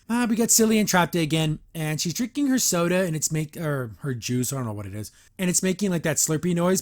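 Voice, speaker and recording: A man giving a casual reaction review of a cartoon episode, rambling and sarcastic as he recaps it. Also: fairly high pitch. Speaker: show reviewer.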